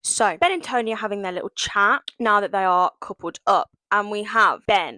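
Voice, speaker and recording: A woman's voice: medium pitch, lively intonation, normal speed, few pauses, bright, forceful tone, no echo. A young woman recapping a reality show in a casual vlog, dramatic and sarcastic, full of mock outrage. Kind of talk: casual reaction commentary.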